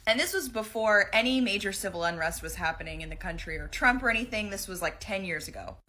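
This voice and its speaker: A woman telling a personal story in an animated way about living abroad. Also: medium pitch, quick pace. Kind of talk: storytime clip.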